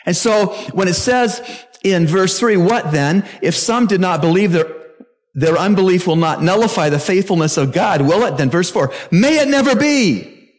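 A middle-aged male pastor preaching a sermon emphatically, jumping to sudden high exclamations. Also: moderate pace.

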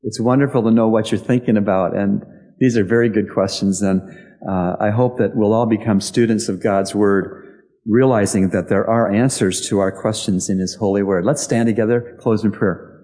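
A man, the church's pastor, answering his congregation's questions in a conversational storytelling sermon with frequent pauses. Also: lowish voice, fairly even intonation, mellow.

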